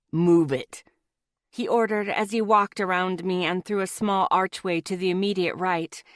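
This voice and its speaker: A woman narrating a first-person paranormal novel as an audiobook, in an even, intimate storytelling voice. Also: mid-range voice, dry recording, studio quality.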